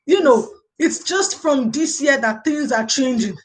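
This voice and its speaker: Her voice sits high, expressive and unhurried. She's an early childhood lecturer hosting a laid-back live stream, chatting loosely with viewers and replying to comments, peppering her talk with "okay" and "you know."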